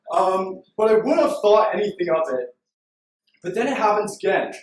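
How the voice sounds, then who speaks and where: A young man from Canada giving a playful, self-deprecating story-driven pitch presentation to a room. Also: recorded from a distance, very noisy. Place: room full of people. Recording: echoey room recorded from afar.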